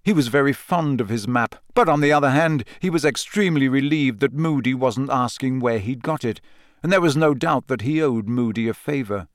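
A man with a medium-pitched voice narrates an audiobook from a script in a measured, storytelling way. The recording is clean studio sound with no echo.

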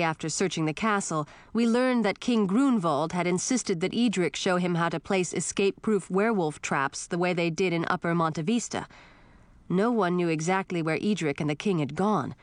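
A woman narrating a first-person fantasy audiobook in an expressive storytelling manner. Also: on the low side, no room sound.

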